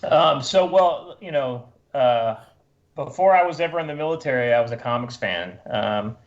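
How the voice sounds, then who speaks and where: A man speaking as a guest comics creator over a video call, relaxed and self-deprecating. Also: normal speed. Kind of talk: casual interview chat. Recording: muffled low-fidelity audio.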